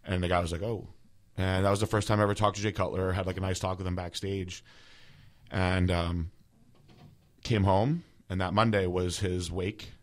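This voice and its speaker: Low-voiced man telling a rambling story. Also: flat delivery, normal speed. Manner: rambling, filler-heavy, emotional storytelling. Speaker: podcast host. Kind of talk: casual storytelling.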